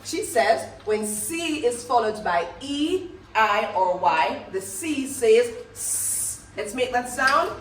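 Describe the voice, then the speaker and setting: A woman teaching a lively phonics lesson to children, upbeat and coaxing call-and-response answers. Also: fairly high pitch, slow, slight background noise. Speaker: reading teacher. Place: classroom. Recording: echoey classroom from far off.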